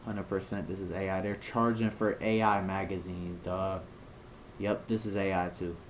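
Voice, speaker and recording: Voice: low-pitched, flat delivery, normal speed, a little hiss or hum, poor audio. A young adult creator delivering screen reaction commentary. They talk in heavy slang and rant with disbelief at what they see. Casual swearing runs all through the delivery. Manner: slangy, incredulous ranting. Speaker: video creator.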